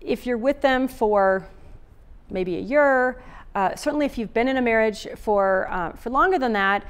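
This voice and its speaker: A woman's voice: a little high, moderate pace, clear, resonant tone. A middle-aged woman giving a casual, conversational talk on relationships as an author and speaker, with many fillers and restarts.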